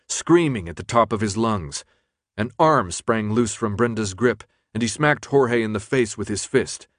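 A man narrating an audiobook in a steady, measured reading. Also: on the low side, no room sound, clean studio sound. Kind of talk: scripted narration.

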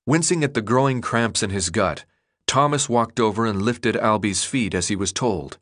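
This is a dry, studio-quality recording of a man reading an audiobook. His pitch is fairly low, and he narrates at a steady, measured pace.

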